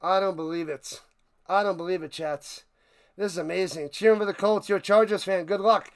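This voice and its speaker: Hoarse hyped man shouting on a live stream. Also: high voice, steady tone, brisk. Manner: hyped, shouting, repeats phrases. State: hoarse, losing his voice; out of breath. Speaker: live-stream watch party host. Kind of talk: excited live-stream sports commentary.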